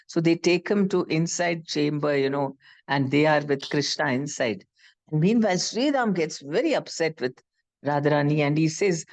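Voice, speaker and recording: A class speaker with an Indian English accent, retelling a scripture story in an animated way and often correcting themselves mid-sentence. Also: mid-range voice, normal speed.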